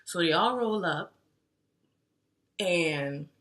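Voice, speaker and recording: A woman's voice: sits low, normal speed, pauses often, bright, forceful tone. A young woman telling a story in a casual, slangy, chatty way to her vlog audience. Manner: slangy and chatty, with lots of fillers like "like". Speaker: vlogger.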